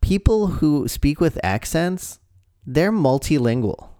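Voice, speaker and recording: A man talking casually on a podcast, his voice smooth and resonant. The sound is dry and close. He gets animated and laughs often as he makes his points. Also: fairly high pitch, takes it slowly, no echo. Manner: animated, laughs often, jumps into a put-on Australian voice. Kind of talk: casual chat.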